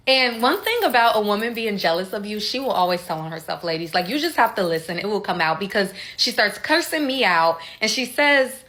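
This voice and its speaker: Young woman, storytime vlogger, bright, lively candid delivery. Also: mid-range voice. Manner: candid, conversational, animated retelling with quoted dialogue. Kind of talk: casual storytime.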